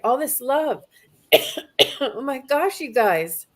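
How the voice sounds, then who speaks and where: A woman hosting a spiritual livestream, soft-spoken and gushing as she thanks her viewers. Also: fairly high pitch, expressive, measured pace. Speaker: livestream host. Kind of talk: live stream chat.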